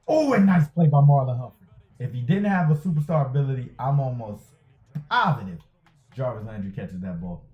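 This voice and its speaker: A man giving excited play-by-play commentary over a football video game he is playing, hyping and groaning at each play and repeating his phrases. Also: mid-range voice. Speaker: gaming YouTuber. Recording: tinny phone-like sound in an echoey room.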